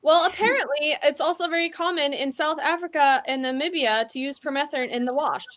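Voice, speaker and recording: A woman's voice: sits high, brisk, fairly bright tone. A woman hosting a casual video podcast, giving short friendly prompts and agreeing with her guest. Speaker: podcast host.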